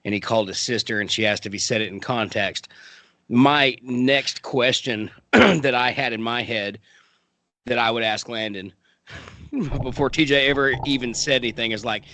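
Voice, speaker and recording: A man's voice: medium pitch, moderate pace, sharp tone, dry recording. A man co-hosting a podcast who talks in a rambling, easygoing way. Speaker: podcast co-host. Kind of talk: casual chat.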